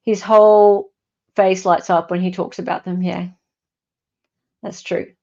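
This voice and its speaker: A woman's voice: on the low side, level tone, measured pace, dark tone, muffled recording. A woman with an Australian accent hosts a casual livestream, reading viewer comments with wry, self-correcting asides. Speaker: online commentator.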